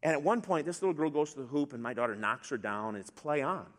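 A middle-aged man preaching a sermon to a congregation, storytelling in a relaxed, conversational way with asides. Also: on the high side, fast talker. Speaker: pastor. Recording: long hall reverb.

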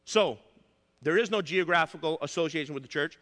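A man's voice: a little high, fairly bright tone. Emphatic male pastor in a reverberant hall. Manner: emphatic, repeats key points, slows for stress. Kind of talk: sermon.

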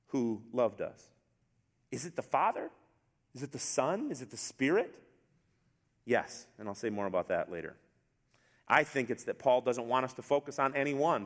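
Middle-aged guy pastor, mid-pitched voice, conversational sermon, long church reverb. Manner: conversational, storytelling with asides.

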